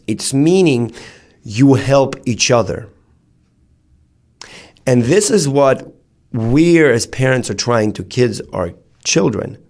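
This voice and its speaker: A man's voice: medium pitch, a little mellow. A man in his thirties, a self-help speaker, giving an earnest motivational talk and addressing his listeners directly.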